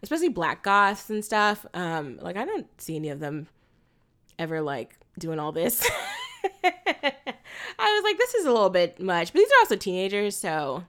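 A woman's voice: medium pitch, huge pitch swings, a little slow, long pauses, pushed and bright. A young woman co-hosting a casual film podcast, rambling with lots of fillers and frequent laughter. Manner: rambling, many fillers and restarts, laughs often. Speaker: podcast co-host.

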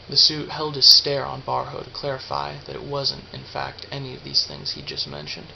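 A man narrating a story aloud in a steady, even reading. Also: mid-range voice, moderate pace, vocal fry, few pauses. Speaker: audiobook reader. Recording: dull lo-fi with faint hiss.

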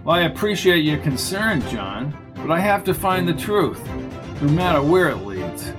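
Man reading sardonic detective, gruff, clipped, sarcastic, slightly high voice. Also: sing-song, moderate pace, music in the background. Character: grumpy, sardonic male space detective.

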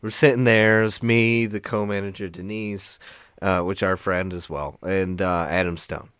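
A man's voice: sits low, a little slow, clean tone, no room sound, studio quality. A young man, co-hosting a podcast in casual chat, telling stories with lots of fillers and frequent laughs. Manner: animated storytelling, laughs often, many "like" fillers. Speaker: podcast co-host. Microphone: studio microphone.

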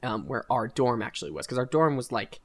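A young man hosting a podcast, telling a college story in a casual, rambling, animated way with frequent laughter. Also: mid-range voice, brisk. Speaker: podcast host.

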